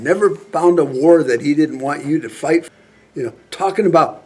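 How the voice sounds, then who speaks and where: Husky, foul-mouthed ranting man. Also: fairly high pitch, moderate pace, a little mellow. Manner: angry, sarcastic, heavy swearing. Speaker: prepper vlogger. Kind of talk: profane political rant.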